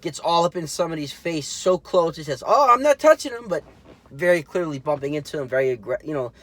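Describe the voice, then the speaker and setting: A man's voice: fairly high pitch, a little fast. A man hosting his own political commentary show, talking casually and indignantly with lots of fillers and restarts. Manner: rambling, full of fillers and restarts; indignant, mocking.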